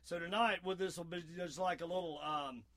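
A man's voice: high-pitched, a little fast, a bit bright. A man with a Southern accent hosting a casual radio talk show, folksy and rambling, full of fillers. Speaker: host.

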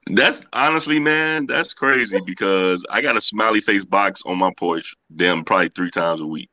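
Low, bright-toned man, dry and dull. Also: moderate pace, no room sound. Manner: animated, playful storyteller. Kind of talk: casual chat.

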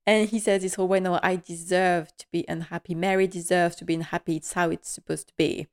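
Woman host with a lowish voice who gushes through an episode recap, very emotional. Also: fairly even intonation, brisk. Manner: gushing, emotional, many fillers.

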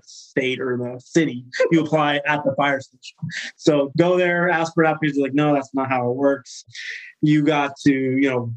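A Californian firefighter in his thirties, with a fairly high-pitched voice, tells a story as a guest in a casual interview. He's animated and acts out the voices of the people he quotes, on a rough recording.

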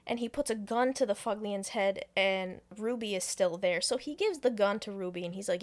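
A woman co-hosting a podcast, casually recapping a film plot in an animated, profane way with frequent laughter. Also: medium pitch, brisk, hardly any pauses. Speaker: podcast co-host. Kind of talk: casual movie recap chat.

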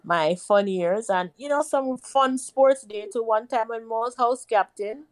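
A woman's voice: a little high, measured pace, no room sound. A middle-aged Jamaican woman in casual chat, easygoing and slipping into patois. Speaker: guest.

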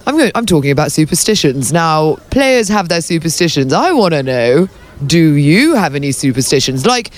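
High-voiced, playful male roving reporter. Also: sing-song. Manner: chatty, playful, quick asides. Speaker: host reporter. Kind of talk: roving on-site reporting and interviews. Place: outdoors at a tennis venue in the rain.

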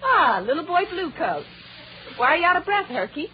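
Sassy wisecracking secretary, bouncy high voice, muffled, loud crowd n noise. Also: female voice, big pitch swings, moderate pace. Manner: sharp wisecracking delivery. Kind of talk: 1930s radio comedy acting. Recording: muffled old radio broadcast, loud audience and noise.

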